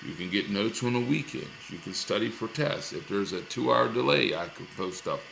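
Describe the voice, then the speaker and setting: A man's voice: on the low side, lively intonation, normal speed, gravelly, background noise. A male teacher recording a lesson video for his class, upbeat and encouraging, often repeating himself.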